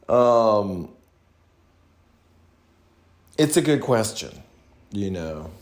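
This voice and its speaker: A young man from the American South, chatting casually to viewers in a slow, rambling way with many pauses and restarts, in a put-on voice. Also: medium pitch, expressive. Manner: talking in a put-on different voice today. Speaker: vlogger talking to viewers. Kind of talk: casual rambling livestream chat.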